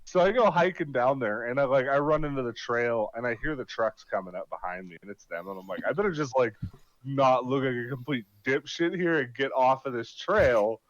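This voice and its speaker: A man's voice: mid-range voice, fairly quick, no room sound. Swearing gamer man on dull voice chat. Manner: animated, swearing, acting out his own lines. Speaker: gamer telling a mission story. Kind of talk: casual profane storytelling over voice chat.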